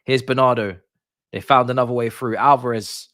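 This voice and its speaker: A man's voice: medium pitch, fairly even intonation, moderate pace, fairly bright tone, dry recording, clean studio sound. A man streaming a live watch-along, chatty and slangy, with casual commentary on the match. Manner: chatty, slangy, groans and repeats "no" when annoyed.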